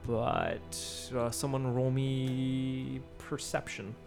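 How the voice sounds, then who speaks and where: A man's voice: medium pitch, little pitch movement, drawn-out words, vocal fry. A man narrating a tabletop game as game master, casual and full of fillers. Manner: casual, hesitant with many fillers. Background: background music.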